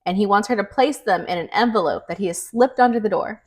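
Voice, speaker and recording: On a podcast she co-hosts, a young woman walks through a thriller's plot with a quick pace and a mid-range voice. It's a casual book recap, and she tells it animatedly, leaning heavily on "like."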